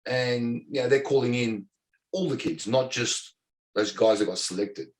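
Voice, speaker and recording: A man in his forties with an Australian accent, a former footballer telling an animated story in conversation and acting out what others said. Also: medium pitch, moderate pace. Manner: animated storyteller who acts out dialogue and laughs often.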